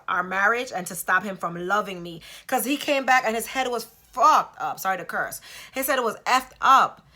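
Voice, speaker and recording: Emphatic woman telling a story, bright tone. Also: mid-range voice. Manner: emphatic, with rhetorical asides. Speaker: vlogger. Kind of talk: casual storytelling monologue.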